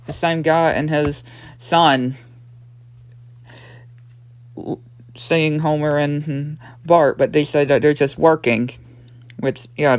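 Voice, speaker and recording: 19 yr old guy rambling thru an episode recap, lots of yeah and and, smooth voice. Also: mid-range voice, dry recording. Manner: rambling, full of "yeah" and "and" fillers. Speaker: episode reviewer.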